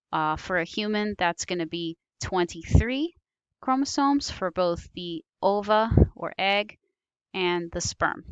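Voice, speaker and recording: Patient woman teaching biology, smooth and dry. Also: fairly low pitch, fairly bright tone, dry recording. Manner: patient, explanatory, with frequent ums and self-corrections. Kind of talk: recorded slide lecture.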